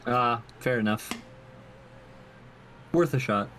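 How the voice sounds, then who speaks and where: A man's voice: medium pitch, slow, a bit bright, a little hiss or hum. A man playing in a tabletop game, speaking politely and formally as his character. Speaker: player.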